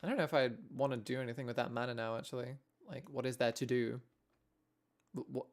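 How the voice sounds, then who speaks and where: This young adult from Wales streams gameplay and talks to viewers at a quick pace, in a mid-range voice with fairly even intonation. Expect rambling, sweary chatter and plenty of asides that cut into their own sentences.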